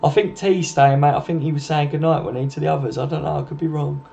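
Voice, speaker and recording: Host, male, gravelly, matey live-stream chat, dull lo-fi sound. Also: a little high, steady tone, fast talker, warm tone. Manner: chatty, matey, addresses viewers as mate. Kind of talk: casual live-stream chat reading comments. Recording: dull lo-fi home stream with faint noise.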